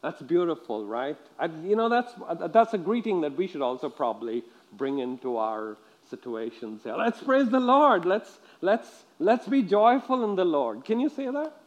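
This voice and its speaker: A man preaching a sermon to a congregation, lively and repetitive, often asking his listeners questions and stumbling over repeated words. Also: fairly high pitch, normal speed, few pauses.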